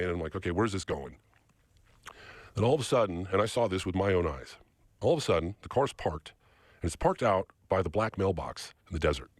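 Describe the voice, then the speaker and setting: A man with a lowish, husky voice tells a story as a podcast guest. His pitch swings widely as he acts out the lines of the people in it. The studio mic sounds close and dry, with no room around it. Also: dry recording. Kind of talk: animated storytelling.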